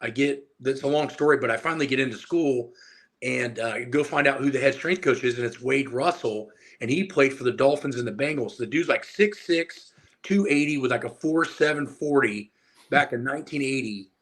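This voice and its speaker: A man in his forties from Indiana, a guest telling stories in a casual interview, animated and casually profane. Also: mid-range voice, moderate pace. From Indiana, USA. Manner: animated storyteller who acts out dialogue and swears casually. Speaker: guest, powerlifter and strength coach.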